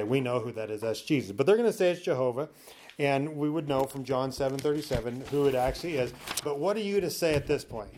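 Man, teaching sermon, conversational coaching tone, checks in with listeners, reads scripture slowly, faint background hiss. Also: medium pitch, darkish tone. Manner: slows down to read scripture aloud.

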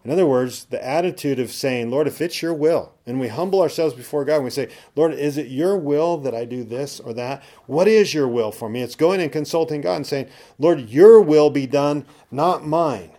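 Guy preaching a sermon, warm low-key tone, checks in with okay and right, gets loud on the punchlines. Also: fairly quick, few pauses. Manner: rising to emphatic peaks when acting out quoted attitudes; conversational teaching with tag questions. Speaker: pastor.

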